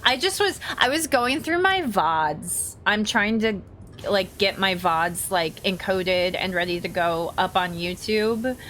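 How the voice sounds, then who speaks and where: Bright, giggly American woman streamer. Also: medium pitch, lively intonation, takes it slowly, a little hiss or hum. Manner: chatty and giggly, full of "like" fillers. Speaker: game streamer. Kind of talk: casual live-stream chat.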